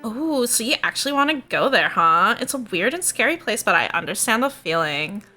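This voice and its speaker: A woman's voice: a little high, sing-song, moderate pace, bright, forceful tone, soft background music. A woman putting on a chirpy Valley Girl. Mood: breezy. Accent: American Valley Girl.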